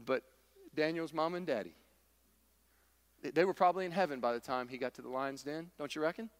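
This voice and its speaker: A man's voice: on the high side, fairly quick, long reverb tail. A man preaching a sermon, emphatic and repetitive, with folksy humor. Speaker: pastor.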